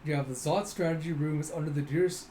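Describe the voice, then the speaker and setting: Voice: mid-range voice, quick pace, dark tone, slight background noise. A host reading a manga aloud in a casual way, laughing often and making sound effects along the way. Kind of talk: casual comic readthrough.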